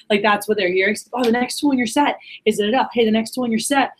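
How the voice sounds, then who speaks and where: Talking fast with few pauses in a medium-pitched voice, a young woman leads a sales workshop in a meeting room before a group; the audio is poor. Her teaching is energetic and chatty, with quizzes for the room and acted-out customer reactions.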